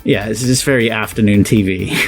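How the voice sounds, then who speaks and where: A man's voice: lowish voice, fairly even intonation, normal speed, over music. A British man explaining slang in casual, rambling commentary, laughing often and acting out the phrases he quotes. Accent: British English. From England. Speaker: game developer and video host.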